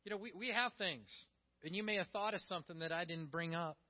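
A man preaching a sermon in an animated way, acting out quoted voices and swinging between soft and loud delivery. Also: sits high, brisk, dull audio.

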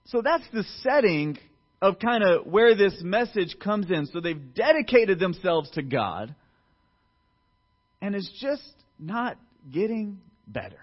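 A man preaching a sermon in a loose, conversational way, full of fillers and asides, who acts out quoted voices with big jumps in pitch and loudness. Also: big pitch swings, slow pace, breathy edge. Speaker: pastor. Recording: muffled lo-fi recording.

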